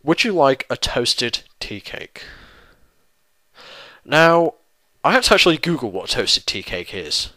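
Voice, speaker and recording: A man's voice: mid-range voice, very animated, unhurried, long pauses, sharp tone, no room sound. A young English man rambling through a casual viewer Q&A, self-deprecating and swearing mildly. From England. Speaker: YouTuber answering viewer questions. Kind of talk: casual Q&A monologue.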